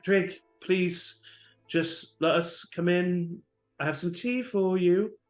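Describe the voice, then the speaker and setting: A man voicing an earnest older brother who speaks in a gentle, coaxing way. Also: sits high, fairly even intonation, takes it slowly, pitched above the performer's own voice. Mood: pleading. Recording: roomy with faint music.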